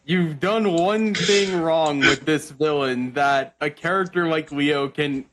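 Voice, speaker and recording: A man's voice: a little high, slow, noisy background. Man player narrating his move. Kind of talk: casual tabletop play.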